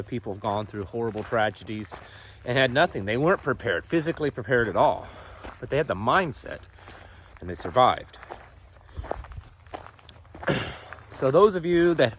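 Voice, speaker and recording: A man's voice: medium pitch, a bit bright, a little hiss or hum. A man hosting a homesteading channel, talking casually and rambling through rhetorical questions and self-corrections. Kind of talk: casual monologue.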